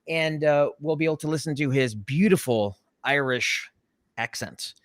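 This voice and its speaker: A man co-hosting a casual podcast, speaking at a middling pitch and stumbling through his thoughts with plenty of fillers. The recording is dry, with no room sound. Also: no room sound. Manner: rambling, halting, lots of fillers and jokey asides. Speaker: podcast co-host. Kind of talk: casual chat.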